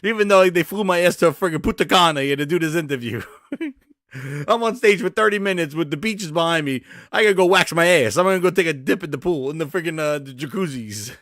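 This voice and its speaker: A male gaming livestream host rants loosely with plenty of swearing and laughter. His voice sits on the high side. He speaks close to a dry, deadened mic. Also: fast talker, dry recording. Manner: profane, excitable, laughing a lot. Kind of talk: casual livestream chat.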